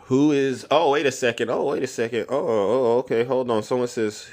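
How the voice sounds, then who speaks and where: At normal speed and in a medium-pitched, darkish voice, a man hosts a live political debate stream. He talks to his chat and calls people up, mocking and taunting callers while repeating himself.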